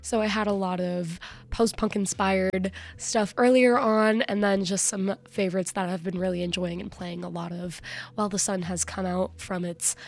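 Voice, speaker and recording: Hoarse woman radio DJ signing off. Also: medium pitch, level tone, normal speed. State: losing her voice, hoarse. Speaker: college radio DJ. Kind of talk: casual radio show sign-off. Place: radio studio.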